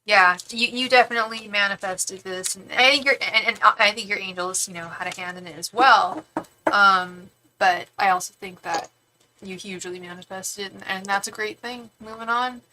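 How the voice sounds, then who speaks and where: A woman's voice: mid-range voice, steady tone, normal speed, noisy background. A woman tarot reader on a live stream, chatting casually and affectionately with viewers, with lots of fillers.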